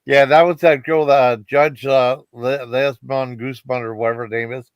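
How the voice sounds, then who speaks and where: A man's voice: mid-range voice, steady tone, normal speed, clear, resonant tone, no echo, highs cut off. A man in a casual chat, joking around and trailing off with lots of yeahs and restarts. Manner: jokey, lots of fillers, repeats words.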